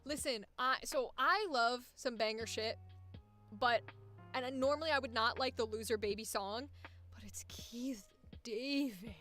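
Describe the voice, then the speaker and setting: A woman voice actor chatting casually on a livestream, excitable, laughing often and swearing freely. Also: fairly high pitch, normal speed, soft background music. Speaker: voice actor streaming with chat.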